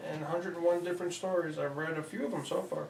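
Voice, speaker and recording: A calm, patient speaker in a comedy sketch, recorded in a roomy space away from the mic. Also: mid-range voice, fast talker, gravelly. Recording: roomy and distant, faint ambient noise.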